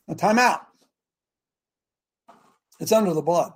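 Here the older preacher hosting the live show speaks in a high, animated voice at normal speed, darkish and slightly rough with vocal fry. He exclaims emphatically through his fiery sermon and calls out for the audience to answer.

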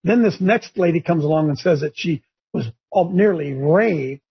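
Fired-up gravelly guy preaching on his show, kinda high voice, dull lo-fi sound. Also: normal speed. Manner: fiery and preachy, rising to shouts and high mocking voices. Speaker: show host. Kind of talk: impassioned talk show rant.

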